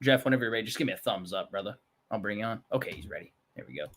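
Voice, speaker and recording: A man hosting a casual stock market livestream, chatting in a relaxed, hesitant way with frequent fillers as he thinks aloud. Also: on the low side, very fast, slightly rough. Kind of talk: casual trading chat.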